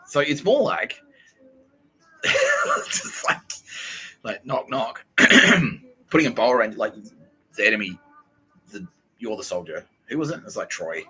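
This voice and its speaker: Husky man, forceful rambling banter. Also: on the low side, very animated, normal speed, poor audio. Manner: rambling, profane, laughs often. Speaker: podcast host. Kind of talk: casual podcast banter.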